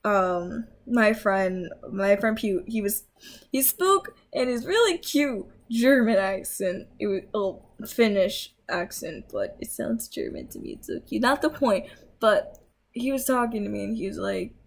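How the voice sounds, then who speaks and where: A woman's voice: medium pitch, very animated, measured pace, gravelly. A tired young woman rambling through a casual rant into a laptop mic, full of fillers and self-corrections. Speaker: YouTuber ranting.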